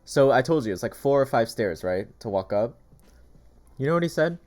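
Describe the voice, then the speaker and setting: With a mid-range, darkish voice at normal speed, this man sounds animated as he chats over a meal. He's a gaming YouTuber spinning stories casually, dropping "like" again and again.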